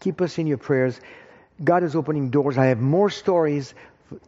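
A man speaking as a guest in a church, telling an animated, excited story and then praying. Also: a little high, normal speed. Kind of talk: testimony and prayer in church. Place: church hall. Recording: dull echoey hall sound.

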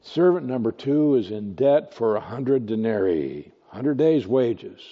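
A male pastor preaching an expository sermon, teaching slowly and deliberately with rhetorical questions. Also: medium pitch, lively intonation. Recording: dull lo-fi recording with long hall reverb.

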